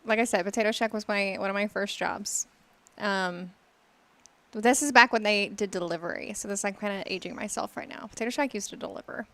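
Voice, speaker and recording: A woman's voice: medium pitch, brisk, bright, forceful tone. A woman with a Southern American accent co-hosting a morning show, chiming in with teasing quips. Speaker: co-host. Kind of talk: casual chat.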